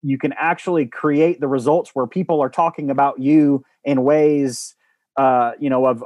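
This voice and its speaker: A man's voice: medium pitch, fairly even intonation, moderate pace, a little mellow, no echo. A man talking about coaching in a podcast conversation, earnest and rambling, with many restarts and fillers. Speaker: guest, former baseball coach.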